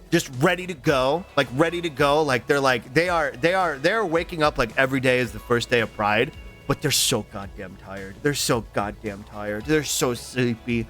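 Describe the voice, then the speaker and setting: Male streamer, slightly high voice, halting and fond, soft music under him. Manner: halting, with many repeated words and restarts; affectionate and giggly. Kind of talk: casual livestream chat reading chat.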